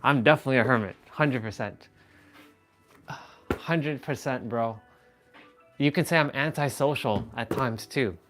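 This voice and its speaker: A man's voice: medium pitch, measured pace, long pauses, music in the background. A young man hosting a casual livestream, rambling in an exasperated way with frequent laughs and offhand swearing. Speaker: livestream host.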